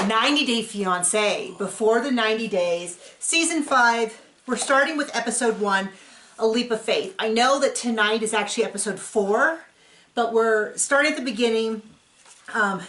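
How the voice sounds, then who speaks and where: A woman's voice: fairly high pitch, animated, unhurried, a bit bright. A woman hosting a casual reality-show recap at home, talking in a chatty, rambling way and often correcting herself mid-sentence. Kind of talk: casual chat. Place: home room. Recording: roomy echo.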